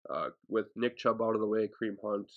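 A man's voice: lowish voice, a little fast, phone-quality sound. A man going through fantasy football picks on a podcast, hesitant with frequent ums. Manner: hesitant, lots of ums and uhs. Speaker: podcast co-host.

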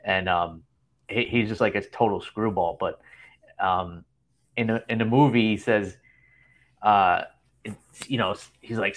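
A man's voice: on the low side, fairly even intonation, unhurried, long pauses. A man in his thirties hosting a casual chat show from a hotel room, rambling and laughing often. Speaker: podcast host.

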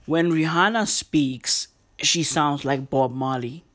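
A woman's voice: sits low, slow pace. A woman hosting a casual comedy chat, loose and profane, full of slang and rambling asides.

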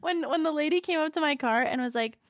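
A young woman in casual chat, telling an animated story full of "like" fillers. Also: high voice, quick pace, no room sound. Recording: slightly dull lo-fi dry sound.

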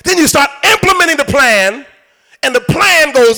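A man preaching a sermon as bishop, telling a funny personal story to his congregation with asides and laughs, then building into shouted, fervent preaching. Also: extremely high pitch, sing-song, moderate pace. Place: church before a congregation.

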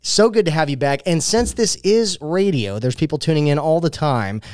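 A man from Oklahoma hosts a casual radio interview in a small studio, chatty and upbeat. His voice sits a bit high and comes across smooth and resonant. The sound is close and dry. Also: animated, moderate pace, a little mellow, dry recording. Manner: upbeat, chatty, with fillers and restarts. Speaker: radio show host.

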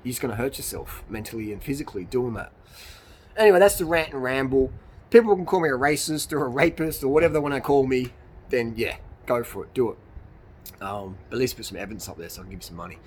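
Standing outside in the hills as a cold evening sets in, a man rambles through a blunt motivational rant for his YouTube audience, swearing and laughing at his own jokes. He talks fast in an expressive mid-range voice, with slight background noise.

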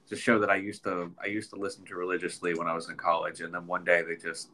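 A man's voice: deep voice, monotone, fast, bright, forceful tone. A man co-hosting a podcast in casual chat, congested and nasal from a sinus infection, rambling with many ums and restarts. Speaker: podcast co-host.

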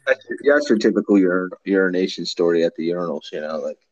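Laughing, low-voiced podcast co-host man. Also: fast talker, a little mellow, no echo, lo-fi sound. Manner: jokey, laughs often, silly mock ads. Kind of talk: casual comedic podcast banter.

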